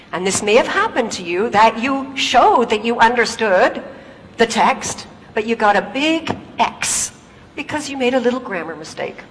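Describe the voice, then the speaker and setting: A woman's voice: fairly high pitch, in a large hall, low-quality recording. A woman giving a stage talk in her native English, telling stories and asking the audience rhetorical questions. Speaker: public speaker.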